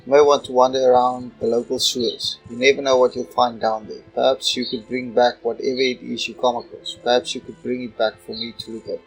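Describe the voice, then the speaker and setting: A man voicing an eager old male church archaeologist, reading the lines aloud in a flat way. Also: medium pitch, fairly quick, hardly any pauses, breathy edge, faint music behind, rough recording. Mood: conflicted.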